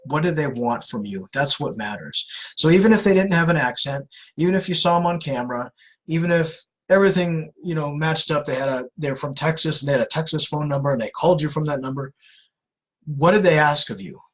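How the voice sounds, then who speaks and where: A man's voice: a little high, brisk, poor audio. A man from California hosting a live question-and-answer stream, giving earnest, conversational advice with frequent fillers and restarts. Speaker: host of anti-scam live Q&A.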